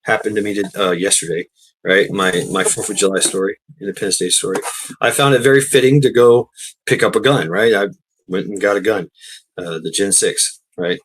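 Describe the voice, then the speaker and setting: A man's voice: on the low side, fairly quick, fairly bright tone, a little hiss or hum, rough recording. A man hosting a livestream, telling a casual rambling story, laughing often and swearing freely. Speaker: livestream host.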